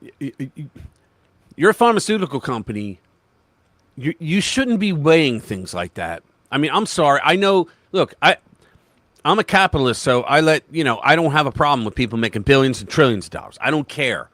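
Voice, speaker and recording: A man hosting a political livestream, talking in a casual, emphatic way that keeps restarting itself. His pitch swings widely as he gets worked up, and his voice sounds dry and close, with very little room sound. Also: brisk, no room sound. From United States. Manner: animated, emphatic, talks over himself with restarts and quoted voices.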